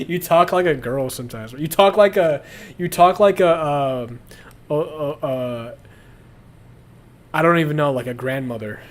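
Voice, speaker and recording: A man's voice: on the high side, measured pace, pauses often. A young man chatting casually on a livestream, crude and rambling, often breaking into laughter. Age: young adult. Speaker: streamer.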